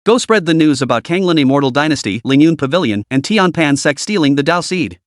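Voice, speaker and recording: A man's voice: a little high, lively intonation, brisk, no room sound, studio quality, close to an everyday voice. A man voicing a jealous, domineering female sect leader who talks in a cold, sneering, commanding way.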